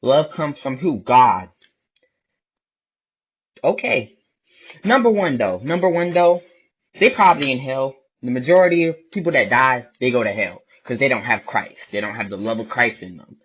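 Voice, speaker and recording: Husky man in a profane preaching rant. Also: mid-range voice, animated, moderate pace, fairly bright tone. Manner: blunt, profane, repetitive ranting. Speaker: online video preacher. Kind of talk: casual ranting monologue. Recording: dull lo-fi recording.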